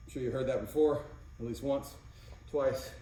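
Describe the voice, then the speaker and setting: A man's voice: medium pitch, fairly even intonation, normal speed, dark tone. A man giving casual workout instruction as a fitness coach, counting reps between exercise cues. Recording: very echoey room, mic far off, faint noise.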